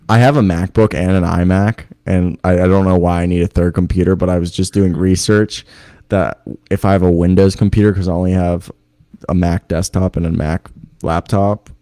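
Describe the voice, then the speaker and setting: Young man, podcast co-host, casual rambling chat, dark mellow tone, dry close sound. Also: low-pitched, steady tone, moderate pace, no room sound. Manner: rambling and joking, laughs often, swears. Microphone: remote video call streaming setup.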